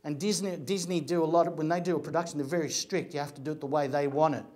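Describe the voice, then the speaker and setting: A man's voice: on the high side, steady tone, fast talker, darkish tone. A middle-aged man, an actor telling stories about his career in a chatty, rambling way with frequent restarts. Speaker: actor giving a talk. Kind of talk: casual storytelling talk.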